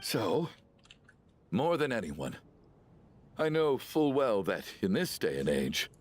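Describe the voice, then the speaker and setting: An actor playing a weary, grieving middle-aged father in a video game, confessing slowly with heavy sighs. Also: on the low side, sing-song, slightly rough, full character voice. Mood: sorrowful. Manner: slow, heavy, sighing confession. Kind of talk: game voice acting.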